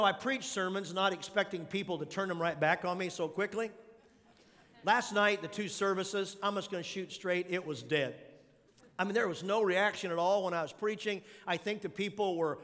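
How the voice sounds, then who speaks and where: A man's voice: high voice, a little fast, a bit bright, long reverb tail. A male pastor preaching a sermon in numbered points and putting questions to his congregation in a large church.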